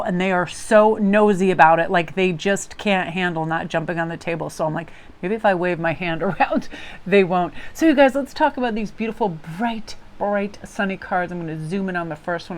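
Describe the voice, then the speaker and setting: A woman's voice: on the low side, steady tone, moderate pace. A woman giving a casual daily tarot reading from home, upbeat and chatty, rambling through stories and laughing often. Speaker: tarot reader. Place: home workspace with table.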